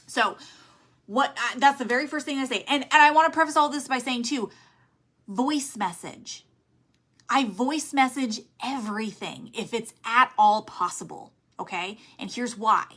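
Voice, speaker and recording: A woman giving motivational sales coaching in an energetic, emphatic way, telling listeners what to do. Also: on the high side, a little slow. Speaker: network marketing sales trainer.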